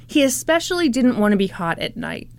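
A woman hosting a podcast, excitedly retelling a true crime case in casual chat, giggling often and swearing freely. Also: a little high, brisk.

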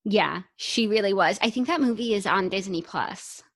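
Expressive young woman co-host. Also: mid-range voice, normal speed. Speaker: podcast co-host. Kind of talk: casual chat.

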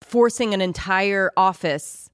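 A podcast co-host in casual crude chat, sarcastic and quick to laugh, saying "like" and "dude" a lot, on a dry close mic. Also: medium pitch, a bit bright, clean tone, dry recording.

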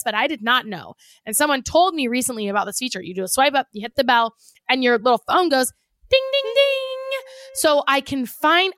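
A high-voiced woman co-hosts a casual podcast chat, telling stories with lively energy and swearing freely. Her voice sits close and dry against the mic, with no room sound at all. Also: dry recording. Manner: animated storyteller, swears freely. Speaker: podcast co-host.

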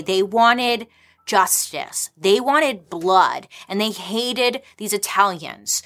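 Bright, chatty young woman telling history. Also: lowish voice. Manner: chatty, sarcastic asides. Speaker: history storyteller host. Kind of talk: casual history storytelling.

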